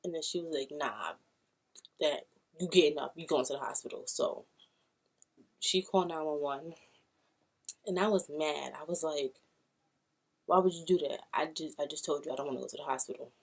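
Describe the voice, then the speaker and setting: A woman's voice: low-pitched, normal speed, long pauses. A young woman from Brooklyn, casually telling a personal story to camera and acting out what people said. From Brooklyn, New York. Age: young adult. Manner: casual, acts out quoted voices. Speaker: vlogger.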